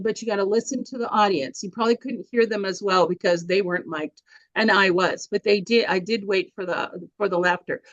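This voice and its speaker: A woman's voice: a little high, dry recording. Chatty older woman teaching a workshop. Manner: chatty, informal, with fillers and restarts. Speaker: workshop presenter. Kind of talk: speaking workshop. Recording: dry, slightly dull recording.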